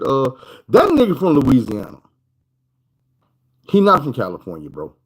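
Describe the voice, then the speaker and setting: A man's voice: medium pitch, wildly swooping pitch, moderate pace, long pauses, low-quality recording. A man from Arkansas with a Southern accent telling stories in a loose, profane, repetitive way in a casual monologue. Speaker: vlogger.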